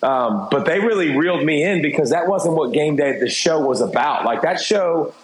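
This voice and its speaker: A middle-aged former TV football analyst talks candidly as an interview guest, his fairly high voice expressive and moderately paced. He rambles with restarts and fillers in casual interview talk, recorded with roomy echo.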